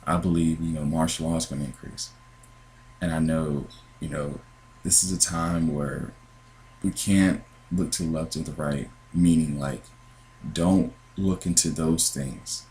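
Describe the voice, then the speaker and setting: This Christian podcaster shares his dreams as casual, earnest testimony, meandering with many fillers and restarts. He has a bass voice, a little mellow, with a steady tone and measured pace, and the rough recording was made on a computer with headphones.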